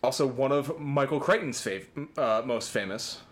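Lively, dry-humored man podcasting. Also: mid-range voice, moderate pace. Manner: laid-back, dry teasing, swears freely. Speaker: podcast co-host. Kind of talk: casual chat.

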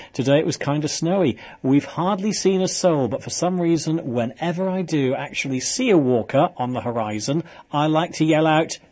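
A man's voice: on the high side, a little mellow. A man presenting a radio show, chatting and teasing his guests in playful studio banter.

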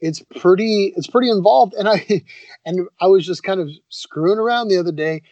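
A man's voice: high voice, moderate pace, darkish tone, dry recording. Enthusiastic laid-back man, muffled sound. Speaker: podcast co-host. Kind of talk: casual chat.

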